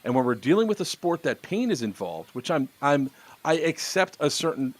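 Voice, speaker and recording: A man's voice: fairly high pitch, very animated, moderate pace. Man telling a story, swearing casually. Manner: storytelling with profanity and laughs. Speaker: podcast host. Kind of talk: casual podcast chat.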